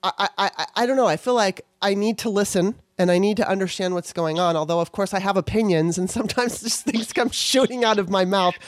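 A woman's voice: medium pitch, brisk, few pauses, no echo, studio quality. Candid rambling woman podcast host. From Baltimore, Maryland. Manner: rambling, self-correcting, candid. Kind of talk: casual conversation.

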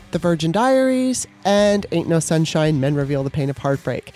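A woman's voice: lowish voice, lively intonation, normal speed, few pauses, darkish tone, faint music behind. A woman hosting a podcast, talking on her own in a casual way, passionate and worked up, with swearing. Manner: impassioned, worked up, swears freely. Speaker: podcast host. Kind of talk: casual solo talk.

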